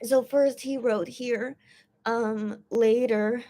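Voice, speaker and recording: A woman's voice: on the high side, steady tone, takes it slowly, warm tone. A woman hosting a casual stream, translating and explaining posts, talking in a rambling way full of fillers and restarts. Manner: gets teary and emotional while reading. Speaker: fan channel host translating posts. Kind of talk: casual live-stream chat.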